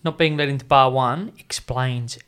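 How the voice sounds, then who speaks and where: A man's voice: medium pitch, steady tone, moderate pace, fairly bright tone, clear, resonant tone. A man with an Australian accent co-hosting a casual podcast, joking in laid-back banter. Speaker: podcast co-host. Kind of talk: casual chat.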